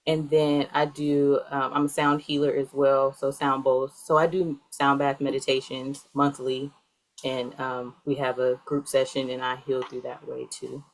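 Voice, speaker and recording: Low-voiced woman, rambling guest talk. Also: level tone, unhurried, rough recording. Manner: rambling, filler-heavy. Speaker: guest, healer. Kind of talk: casual interview talk.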